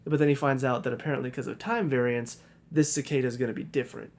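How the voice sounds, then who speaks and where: A man's voice: mid-range voice, fairly even intonation, quick pace. A young man giving a casual spoken review, talking in a loose, rambling way with lots of fillers and restarts. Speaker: TV show reviewer.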